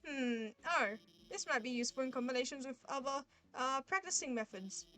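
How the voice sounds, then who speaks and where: A woman's voice: high-pitched, lively intonation, a little fast, fairly bright tone, soft background music. A woman voicing a shy, nervous, bookish woman who hesitates and stammers.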